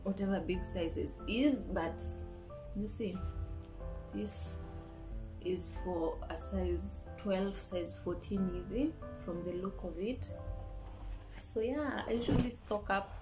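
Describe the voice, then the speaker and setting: Young woman vlogging, slow easy pace, music going in the back. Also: medium pitch. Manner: mixes English with Swahili phrases. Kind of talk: casual vlog talk.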